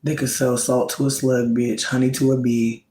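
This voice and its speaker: A man chatting casually, gossiping about reality TV in a slangy, campy style. His voice swings into high squeals when he quotes reactions. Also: level tone, normal speed, a little mellow, reverberant, slight background noise, poor audio. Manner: slangy, campy storytelling with frequent "bitch" and "like". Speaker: vlogger.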